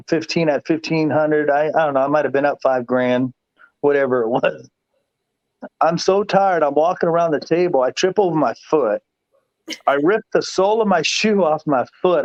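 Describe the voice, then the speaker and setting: A man's voice: fairly high pitch, no room sound, dull audio. A man, a guest pool player, telling a long story in casual chat, rambling and repeating himself with laughs.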